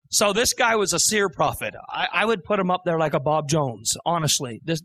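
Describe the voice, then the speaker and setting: A middle-aged man preaching his testimony, his voice sitting high for a man. He tells the story with animation and acts out the voices of the people in it. The delivery is a storytelling sermon. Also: a bit bright.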